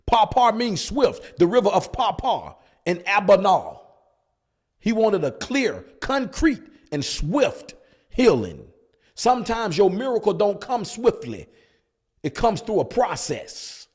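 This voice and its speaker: A man's voice: high voice, big pitch swings, a little slow, a little mellow, husky. A male pastor preaching at a Bible study, hammering points with repeated rhetorical questions. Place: church.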